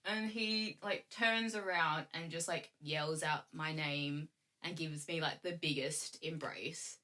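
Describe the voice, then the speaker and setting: A woman's voice: deep voice, steady tone, slow pace, pushed and bright. A young woman telling a story in a casual chat, laughing often and acting out what people said. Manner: chatty, laughs often, acts out quoted lines. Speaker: guest.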